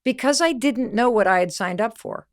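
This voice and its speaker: A woman's voice: fairly high pitch, moderate pace. A woman podcast host and motivational speaker, telling a story emphatically and speaking straight to the listener. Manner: animated, emphatic, addresses listener directly.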